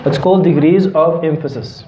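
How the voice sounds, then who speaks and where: A man's voice: fairly high pitch, steady tone, normal speed, crowd noise. A man teaching a classroom lecture. He explains with everyday examples and keeps checking that students are following. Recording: roomy, dull lecture-hall recording.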